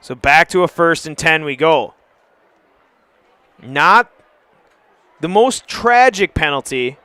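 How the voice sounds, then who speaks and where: A man's high, bright voice calls a high school football game play by play from the stadium, making easy chat between snaps and surging into shouts on big plays. He speaks slowly with big pitch swings. The audio is smooth and clean, with no room sound.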